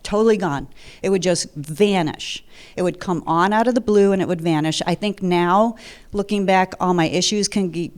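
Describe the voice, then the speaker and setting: A woman's voice: lowish voice, smooth. A woman in her fifties from the Detroit area, telling her personal story at a seminar in a chatty, humorous way. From Detroit area, USA. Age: 50s.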